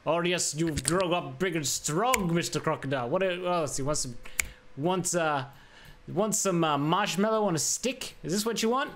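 A man with a high voice gives playful, joking commentary while he plays a game, coaxing the character on screen. Game sounds and mouse clicks come through clearly behind him on a desk microphone. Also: normal speed. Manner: playful, talks to the crocodile in a coaxing voice. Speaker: gaming YouTuber. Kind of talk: casual gameplay commentary. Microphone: USB desk microphone. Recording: background game noise with clicks.

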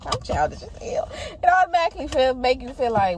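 A woman's voice: sits high, very animated, fast talker, background noise. A woman vlogging casually from her car, candid and profane, slipping into playful voices.

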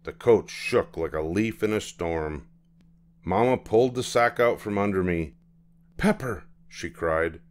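An older man with a fairly low voice reads a children's picture book aloud, telling the story at an unhurried, measured pace.

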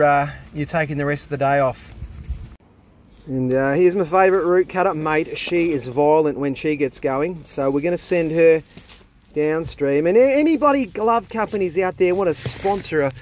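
Chatty Australian tradie, a bit high. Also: male voice, moderate pace, slight background noise. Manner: chatty and jokey, swears casually. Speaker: plumber filming his job. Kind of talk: casual on-the-job vlog. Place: outdoors at a drain. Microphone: handheld phone.

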